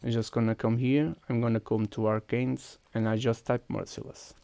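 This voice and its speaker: A man with a Portuguese accent chats casually on a live game stream, talking viewers through each step as he goes. His voice has a gravelly, creaky edge and a mid pitch. The sound is dry and close, with no room echo. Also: flat delivery, normal speed, dark tone. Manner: walks viewers through steps while clicking, thinking aloud.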